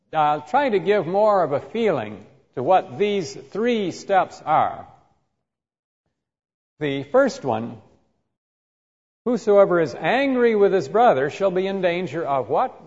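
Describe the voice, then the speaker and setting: A man teaching a sermon who reads scripture aloud and then explains it, slowly and deliberately, acting out quoted insults vividly. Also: on the high side, darkish tone. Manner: slow and deliberate. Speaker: Bible teacher. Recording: muffled, reverberant hall recording.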